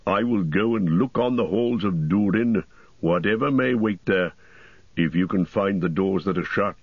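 A man reading the lines of an eager dwarf warrior in an audiobook, gruff and earnest. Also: low-pitched, normal speed, dry recording, phone-quality sound. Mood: determined.

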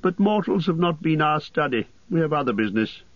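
Man reading a teasing elf: light, quick, higher voice, dry slightly muffled take. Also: animated, no room sound.

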